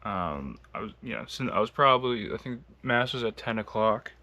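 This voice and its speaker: Man, American, low-pitched, casual vlog storytelling, rambling with fillers. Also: animated, moderate pace, sharp tone. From United States. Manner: rambling, many fillers, laughs while telling. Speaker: long-distance walker vlogging.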